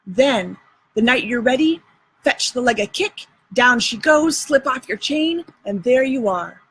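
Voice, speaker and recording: A woman's voice: fairly high pitch, lively intonation, a little slow, husky, low-quality recording. A woman reading aloud and voicing a bossy, show-off boy adventurer in a drawling folksy dialect. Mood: lecturing.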